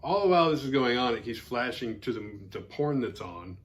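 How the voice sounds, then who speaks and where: A man's voice: medium pitch, big pitch swings, a little fast. A man hosting a horror film podcast, casually retelling a movie's plot in a loose, rambling way with lots of "like" fillers and a wry aside now and then. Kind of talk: casual spoken film recap.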